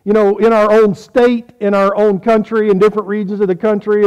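A man's voice: sits high, little pitch movement, fairly quick, a little mellow, clean tone, highs cut off. A man preaching a folksy sermon, quizzing his audience on how they say words.

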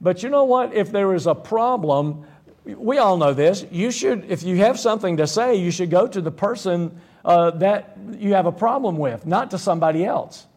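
Man, preacher, sermon, folksy and conversational, jokey one-liners, slightly high voice. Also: animated, normal speed, a little mellow. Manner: frequent fillers and restarts.

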